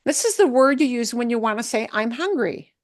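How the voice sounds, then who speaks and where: A woman's voice: fairly high pitch, expressive, a little fast, clean studio sound. A woman teaching a beginner language class, patiently repeating words for students to echo and checking in with "okay?". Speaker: Spanish teacher.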